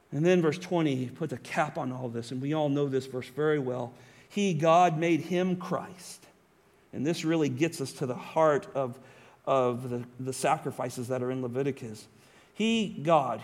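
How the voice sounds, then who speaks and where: A man's voice: a little high, in a large hall. A pastor preaching a sermon in an earnest, pleading way, often laughing as he speaks.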